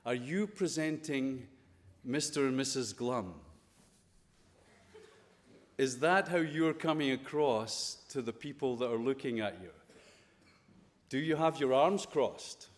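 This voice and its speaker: A Scottish man speaks at a school chapel service, loose and playful rather than preachy. His pitch sits in an ordinary middle range for a man. The voice carries a long reverb from the chapel hall around him. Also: takes it slowly, pauses often. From Scotland. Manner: conversational, playful, full of rhetorical questions. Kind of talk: informal chapel talk to students.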